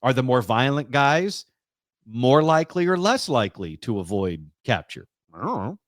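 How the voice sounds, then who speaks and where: Male podcast co-host, animated pitch, dry close mic, reads news and jokes around. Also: moderate pace, dry recording. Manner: animated, laughs often, reads news items aloud. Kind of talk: casual podcast chat.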